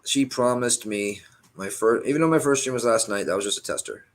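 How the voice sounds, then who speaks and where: A man's voice: mid-range voice, brisk. A young man hosting a live stream, bantering and joking in a casual chat.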